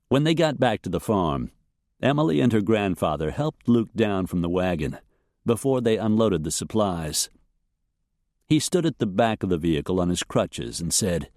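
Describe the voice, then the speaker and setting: A man narrating a western novel in a measured storytelling manner. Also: fairly low pitch, very animated, a little mellow, dry recording, clean studio sound. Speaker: audiobook narrator.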